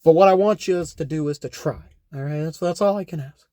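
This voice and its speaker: His voice sits a little high with a dark tone and a brisk pace, captured in studio quality without any room sound. The young man, a YouTuber filming at home, jokes and corrects himself through an unscripted comedic vlog, frequently ending lines with "all right?".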